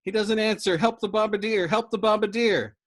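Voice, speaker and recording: A man voicing a frantic, agitated young male bomber pilot who blurts out loud, excitable outbursts in a storybook reading. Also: mid-range voice, a little fast, natural voice. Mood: pleading.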